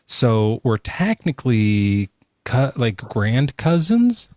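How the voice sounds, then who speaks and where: A man co-hosting a casual live podcast chat, joking crudely and talking in an animated way. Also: mid-range voice, takes it slowly, no echo, studio quality. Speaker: podcast co-host.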